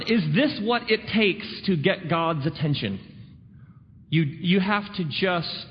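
A man preaching a sermon, sardonic and full of dramatic pauses. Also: high voice, lively intonation. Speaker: pastor. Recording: dull recording in a reverberant hall, faint noise.

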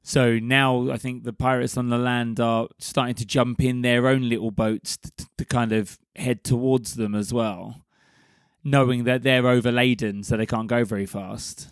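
A man's voice: mid-range voice, flat delivery, normal speed, smooth, dry recording, clean studio sound. A man chatting casually about a book, explaining events as he thinks aloud. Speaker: discussion participant.

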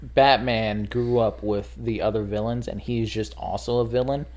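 A man's voice: fairly low pitch, steady tone, normal speed, darkish tone. A man chatting casually with friends, joking and swearing freely. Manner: loose, profane, joking banter. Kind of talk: casual chat.

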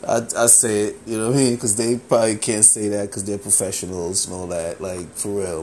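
A man hosting a solo podcast, talking casually, animated and profane, with lots of filler phrases. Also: fairly low pitch, brisk, hardly any pauses, slight background noise. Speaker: podcast host.

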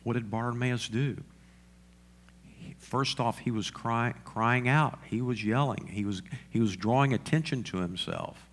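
A man's voice: mid-range voice, a little slow. A male pastor preaching a sermon, asking the congregation questions and repeating lines for emphasis.

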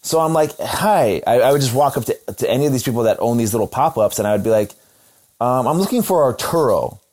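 A young man casually telling a story, animated and acting out quotes in a raised voice. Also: medium pitch, quick pace.

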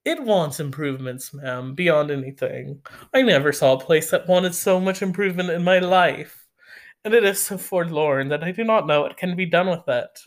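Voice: medium pitch, animated, normal speed, natural voice. A reader doing a gushing pompous young squire. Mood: eager. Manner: gushing, repetitive. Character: pompous dim young gentleman landowner.

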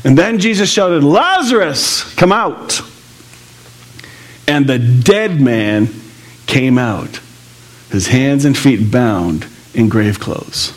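A man's voice: medium pitch, animated, takes it slowly. A male pastor preaching a sermon in a conversational way, with asides and laughter.

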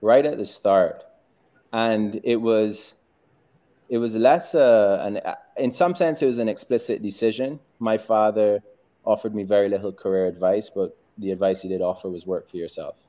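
A middle-aged man with a Barbadian accent that leans toward a British-American mix, answering interview questions in a measured, reflective way. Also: lowish voice, dark tone. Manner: measured and reflective, with frequent ums. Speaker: guest, tech entrepreneur. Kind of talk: interview conversation.

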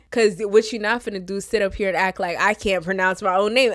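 A woman in her twenties rants on her solo podcast, sassy and exasperated, and throws in mocking voices. Her pitch sits in the middle range. The sound is dry and close, with no room echo. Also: moderate pace, few pauses, a bit bright. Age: 20s. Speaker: podcast host. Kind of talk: casual solo podcast rant.

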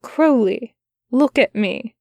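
A gentle, fussy male angel who stumbles over his words when he is flustered and lifts his voice high when he pleads, as a woman reads him aloud. The delivery is unhurried and close, in a dry room. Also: expressive, no echo, exaggerated voice. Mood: tender, flustered. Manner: flustered, tender, stammering.

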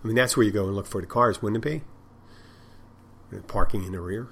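A man's voice: lowish voice, a little fast, gravelly, slightly rough. A man who tends bar and hosts a podcast, telling stories in a rambling, profane, casual monologue with many restarts. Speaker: bartender and podcast host.

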